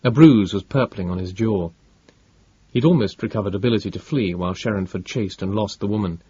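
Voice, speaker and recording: A man reading an audiobook in a measured, dramatic narration. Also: lowish voice, warm tone, husky, lo-fi sound.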